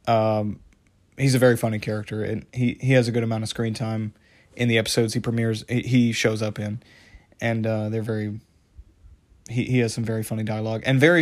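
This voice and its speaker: A man talking casually and at length about a favorite cartoon, rambling with many fillers and restarts. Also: mid-range voice. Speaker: show reviewer. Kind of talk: casual monologue review.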